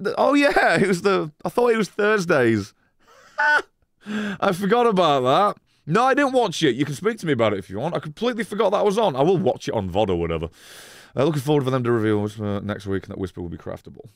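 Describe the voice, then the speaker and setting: A man's voice: mid-range voice, no echo, studio quality. A man casually chatting on a live stream, rambling and swearing, laughing often as he reads chat.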